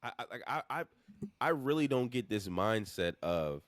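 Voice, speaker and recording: A man's voice: mid-range voice, normal speed, no echo. A man co-hosting a podcast, talking in casual slang and acting out hypothetical exchanges. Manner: animated slangy talk, acts out hypotheticals. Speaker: podcast co-host.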